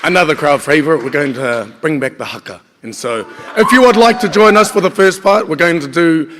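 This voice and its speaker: A man's voice: on the high side, brisk, a crowd in the background, background noise. A man with a New Zealand accent, leading a cultural performance group and announcing items to a live conference audience in a friendly, loose way. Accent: New Zealand English. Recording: reverberant hall, audience murmur.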